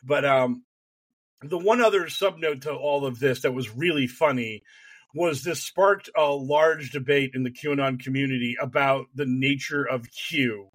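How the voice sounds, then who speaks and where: A man co-hosting a comedic podcast, talking in an animated, sarcastic way with lots of swearing. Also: mid-range voice, unhurried. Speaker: podcast co-host. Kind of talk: casual comedic chat.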